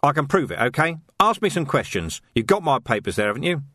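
A man's voice: a little high, big pitch swings, fast talker, a bit bright, no room sound, clean studio sound, full character voice. A man doing a blunt, hardened copper. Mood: firm. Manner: firm and blunt. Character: hardened gruff male police sergeant.

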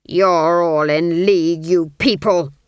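A crazed storybook duke voiced by a woman narrator snarls his suspicions at a slow, heavy pace. The voice is pushed louder and stranger than plain narration, yet stays close and dry. He sounds unhinged and dangerous. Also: mid-range voice, creaky, no room sound. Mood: snarling paranoid. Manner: slow, drawn-out, menacing. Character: mad paranoid scheming male duke, snarling. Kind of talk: audiobook character voice.

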